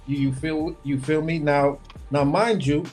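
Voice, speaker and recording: A man's voice: fairly high pitch, steady tone, measured pace, darkish tone, faint music behind. A man from Brooklyn, a chef telling stories from his life in blunt, profane street slang. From Brooklyn, New York. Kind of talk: casual storytelling.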